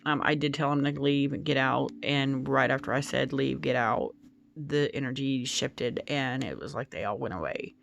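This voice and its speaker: A woman's voice: very deep voice, moderate pace, vocal fry, few pauses, highs cut off. A woman telling a story in a casual home vlog as a tarot-reading YouTuber, in a meandering, hesitant way.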